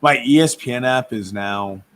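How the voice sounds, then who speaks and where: A man's voice: mid-range voice, moderate pace, a bit bright. A man hosting a casual live sports stream, chatty and rambling, laughing often, who says his voice is going.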